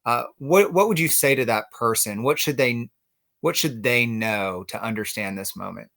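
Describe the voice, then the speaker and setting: A man's voice: mid-range voice, moderate pace, vocal fry, a bit bright. A man hosting an interview in a friendly way, passing along viewer comments and asking questions. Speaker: interview host. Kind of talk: hosted interview.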